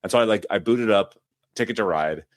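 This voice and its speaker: Man, podcast co-host, low voice, dry close sound, playful, rambling. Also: brisk, no room sound. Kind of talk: casual chat.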